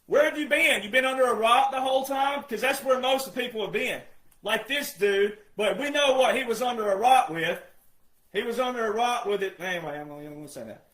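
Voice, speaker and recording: High-voiced man ranting, shouting at times. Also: brisk, reverberant. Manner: heated, scolding, repeated rhetorical questions, often shouting. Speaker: online commentator. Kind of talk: ranting monologue.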